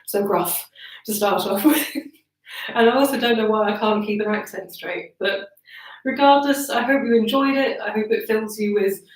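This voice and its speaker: A young woman giving a live reading of a classic story, expressive and slightly strained in voice, from her living room by a wood burner. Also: medium pitch, moderate pace, distant mic. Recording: echoey room, away from mic.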